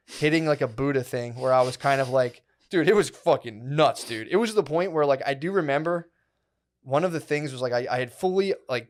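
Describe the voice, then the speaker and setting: Animated swearing man telling a rambling story. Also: mid-range voice. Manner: rambling, animated, heavy swearing and filler words. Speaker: podcast co-host. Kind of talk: casual comedy podcast storytelling.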